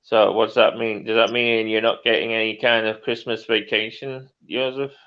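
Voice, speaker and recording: A middle-aged man chats casually on a livestream, laughing often as he reads out comments. His voice sits fairly low, and the audio comes through dull and muffled. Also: little pitch movement, normal speed. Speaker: livestream co-host. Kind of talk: casual chat.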